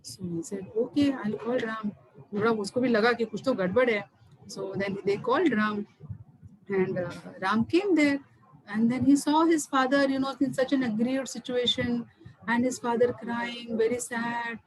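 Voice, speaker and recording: A woman telling a story to an online class over a video call, animated and often repeating words. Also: fairly high pitch, quick pace, poor audio.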